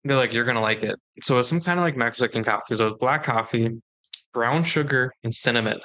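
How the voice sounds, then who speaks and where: Bright-voiced man telling a story. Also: medium pitch, fairly quick. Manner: animated storyteller acting out quoted dialogue. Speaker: podcast co-host. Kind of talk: casual chat.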